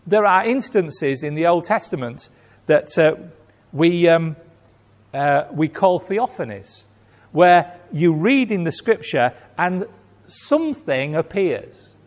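Emphatic preacher in a reverberant hall. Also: male voice, on the high side, animated, takes it slowly. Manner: emphatic, rhetorical, acts out quoted reactions. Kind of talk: sermon.

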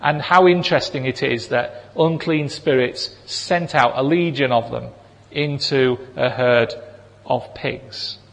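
A man preaching a sermon, animated and acting out voices of people in the stories he tells. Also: mid-range voice, slow, vocal fry. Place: church hall. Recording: long reverb of a large hall.

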